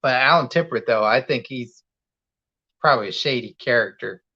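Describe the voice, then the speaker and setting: A man's voice: mid-range voice, normal speed, pushed and bright, dull audio. A man co-hosting a comedy wrestling show, bantering in a goofy, boastful way. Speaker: show co-host.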